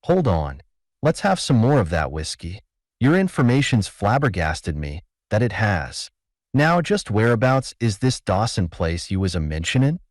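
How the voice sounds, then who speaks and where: A man voicing rough male gold prospectors who talk in a testy folksy frontier dialect. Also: fairly low pitch, sing-song, normal speed, dry recording, clean studio sound.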